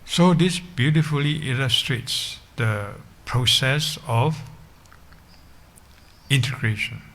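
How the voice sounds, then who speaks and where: A man's voice: mid-range voice, slow pace, a bit bright. A man giving a Buddhist dharma talk, teaching with frequent restarts and checking in with his listeners.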